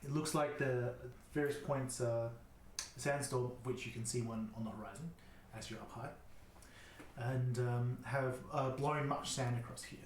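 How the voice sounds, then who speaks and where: A man narrating as game master of a tabletop game, relaxed, with many fillers. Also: mid-range voice, unhurried, slight background noise. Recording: echoey room.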